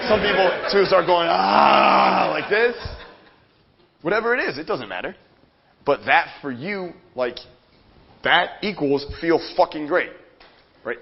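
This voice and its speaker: A man giving a live motivational seminar talk, energetic and profane, speaking straight to the audience in the room. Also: a little high. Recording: dull lo-fi sound.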